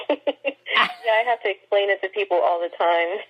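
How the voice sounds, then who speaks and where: A woman guest in a casual chat, relaxed and giggly, heard over a dull remote line. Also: mid-range voice, unhurried.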